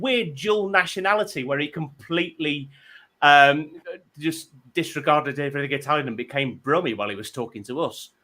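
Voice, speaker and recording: A man hosting a comedy panel show. His voice is bright and sharp, and it jumps around lively as he tells self-mocking comic stories. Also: a little high. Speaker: host.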